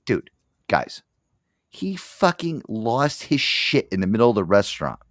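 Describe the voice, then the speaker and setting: A man's voice: lowish voice, very animated, a little slow, fairly bright tone, no room sound, clean studio sound. A man hosting a radio show, telling a long story in a profane, rambling way with frequent restarts. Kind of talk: casual on-air rant.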